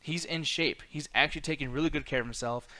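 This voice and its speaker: Rambling, profane man with a fairly high voice. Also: fast, bright, forceful tone, no echo. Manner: loose, profane, rambling with frequent fillers. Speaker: podcast host. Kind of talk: casual live-stream chat.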